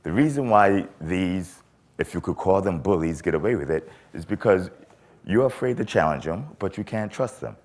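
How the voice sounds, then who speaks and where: A man speaking at a convention, telling a childhood story with animated, acted-out quotes. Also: low voice, normal speed. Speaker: conference speaker. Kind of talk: storytelling talk. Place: convention stage.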